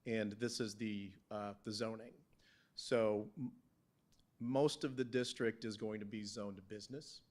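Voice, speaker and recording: A man on the town staff presenting slides at a council work session, halting, with many fillers and restarts. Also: fairly low pitch, a little mellow. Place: council meeting room.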